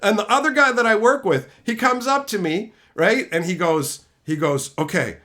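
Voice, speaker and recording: This streamer host's voice sits high and moves at normal speed. He casually rants with profane, animated tales of jobs he used to have, imitating what coworkers said.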